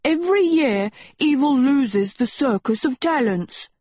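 A woman's voice: mid-range voice, flat delivery, takes it slowly, no room sound. A woman voicing a rotund, theatrical teacher who bellows in a thick sing-song voice. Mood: scolding.

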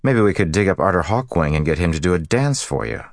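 A man's voice: sits low, lively intonation, quick pace, no room sound, studio quality, pitched above the performer's own voice. A man voicing a grumbling, sarcastic young rogue in an audiobook. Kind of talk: audiobook character voice.

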